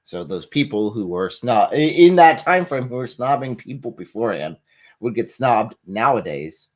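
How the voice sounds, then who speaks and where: A man's voice: mid-range voice, sing-song, normal speed. A man co-hosting a casual discussion, blunt and emphatic.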